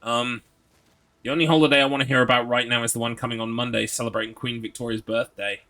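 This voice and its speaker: Male streamer, chatty and sarcastic, sweary, bright tone. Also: medium pitch, steady tone, very fast. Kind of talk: casual gameplay commentary.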